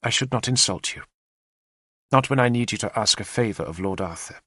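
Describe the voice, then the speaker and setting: A man voicing a proud but broken queen who pleads softly and tearfully. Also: fairly low pitch, brisk, dry recording, clean studio sound. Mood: pleading softly. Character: proud, heartbroken queen, a grown woman, fragile and pleading.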